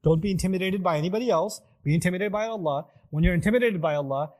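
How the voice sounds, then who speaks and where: A middle-aged man delivers a sermon in a fairly high voice. He keeps asking his listeners rhetorical questions and slips into other people's voices to act out their words. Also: very fast, darkish tone. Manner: acts out quoted voices, rhetorical questions to the audience. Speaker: preacher.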